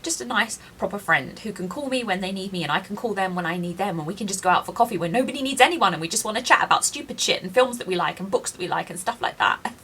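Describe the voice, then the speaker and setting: A woman's voice: mid-range voice, lively intonation, fast, hardly any pauses, bright, forceful tone, slight background noise. A woman in her late thirties, crying as she confides in a personal video diary, self-deprecating and frank. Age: 30s. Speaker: vlogger.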